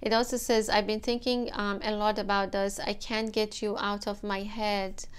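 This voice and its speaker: Soft-spoken woman giving a tarot reading. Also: medium pitch, flat delivery, moderate pace, smooth. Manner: gentle, emotional, many fillers. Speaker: tarot reader.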